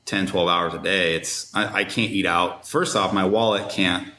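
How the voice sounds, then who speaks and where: A man with a low voice talks in a relaxed, practical way as a podcast guest. The room gives his voice a roomy echo. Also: moderate pace, slight background noise. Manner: relaxed, practical, many fillers. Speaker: strength coach, guest. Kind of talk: casual interview chat.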